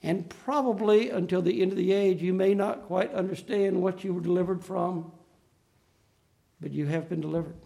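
A man preaching a sermon in an earnest, emphatic way, slowing down to stress key phrases. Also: high-pitched, steady tone, vocal fry, dark tone.

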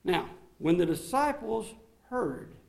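A man preaching a sermon to his congregation, swinging between emphatic raised passages and quiet, low asides. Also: very animated, takes it slowly, creaky. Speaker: pastor.

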